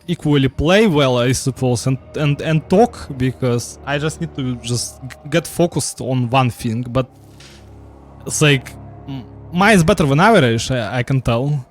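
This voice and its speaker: A man from Russia with a Russian accent, talking casually while he plays a game, rambling with frequent restarts, fillers and laughs. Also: medium pitch. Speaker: streamer. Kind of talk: casual gameplay commentary. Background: game music.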